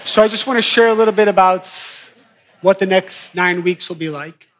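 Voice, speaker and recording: A man teaching an evening spiritual class, lecturing in a lively way and acting out little scenes, swinging from soft mumbling to loud excited bursts. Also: sits high, moderate pace.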